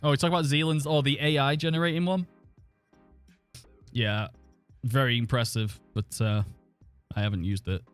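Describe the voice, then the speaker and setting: A man's voice: medium pitch, fairly even intonation, normal speed, pauses often, smooth, no echo, faint music behind. A man chatting and thinking aloud as he streams a football management game, swearing now and then. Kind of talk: casual live-stream commentary.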